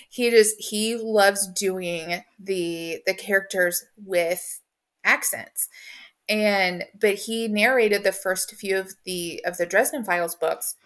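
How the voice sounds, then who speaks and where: A woman's voice: medium pitch, takes it slowly, fairly bright tone. A woman hosting a podcast, chatting casually in a rambling way with many fillers. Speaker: podcast host. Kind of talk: casual conversation.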